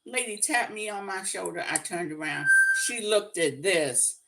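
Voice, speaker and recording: A woman's voice: mid-range voice, lively intonation, a little slow, gravelly, far from the mic, very noisy. A woman guest telling a story in casual, wry conversation. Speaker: guest on a live stream.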